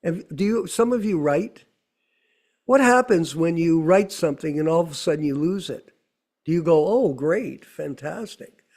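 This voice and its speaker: A man's voice: a little high, moderate pace, a little mellow. A middle-aged man giving a conversational sermon, full of rhetorical questions. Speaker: temple speaker.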